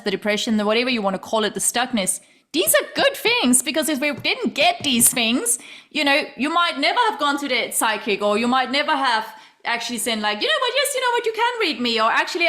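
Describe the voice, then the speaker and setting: Lively, laughing woman hosting a podcast. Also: a little high. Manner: animated, laughs easily, acts out quotes. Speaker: podcast host and yoga teacher. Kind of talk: casual interview chat.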